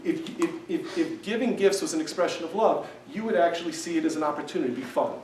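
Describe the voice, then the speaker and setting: High-voiced man teaching in an echoey hall. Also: fast talker, darkish tone, slight background noise. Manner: conversational, keeps checking in with listeners. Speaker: class teacher. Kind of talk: casual lecture to a class. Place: synagogue hall. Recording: echoey room, mic far off.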